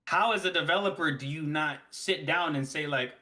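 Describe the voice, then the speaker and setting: A man co-hosting a gaming podcast, talking casually in an animated, rambling way and laughing often. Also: a little high, moderate pace, hardly any pauses. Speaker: podcast co-host.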